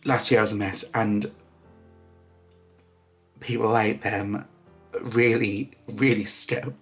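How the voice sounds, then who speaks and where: A man records a casual vlog while crying, his words halting and full of restarts and fillers. Faint music plays behind him. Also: fairly low pitch, steady tone. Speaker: vlogger.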